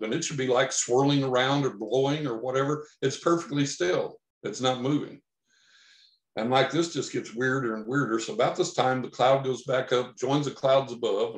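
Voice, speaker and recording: A man from Texas tells a long first-person story as a podcast guest, and he gets animated when he acts out what he and others said. His voice sits at a middle pitch for a man. The recording has a roomy echo around it. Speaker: podcast guest, psychic investigator.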